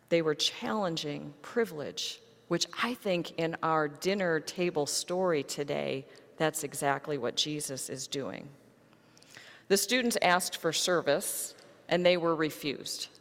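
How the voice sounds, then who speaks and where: A woman pastor preaches at a slow, deliberate pace, telling a story to her congregation. Her voice sits a little low. It rings with the long reverb of a church hall. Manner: measured storytelling delivery to a congregation. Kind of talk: sermon.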